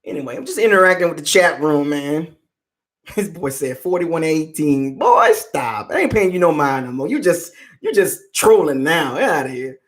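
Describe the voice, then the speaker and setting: A man's voice: on the high side, expressive, normal speed. A man hosting a football fan channel, chatting casually on a live stream and teasing fans in the chat. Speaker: sports channel host.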